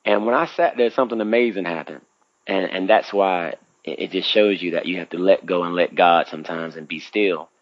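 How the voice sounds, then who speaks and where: Man, 30s, low-pitched, lively casual storyteller; dry, slightly muffled recording. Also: fairly quick, no room sound. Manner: animated, acts out his own past reactions with big pitch jumps.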